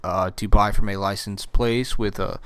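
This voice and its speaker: A man's voice: on the low side, steady tone, normal speed, fairly bright tone, smooth, no echo. A young man from the United States ranting casually to camera, profane and rambling with lots of fillers. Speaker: vlogger.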